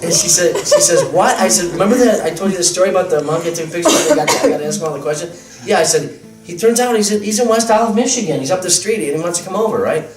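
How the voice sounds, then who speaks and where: A man telling a lively personal story with laughs and quoted voices, recorded at a temple gathering. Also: a little high, racing. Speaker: guest telling his story. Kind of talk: casual storytelling. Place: temple hall. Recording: roomy sound from a distance, music.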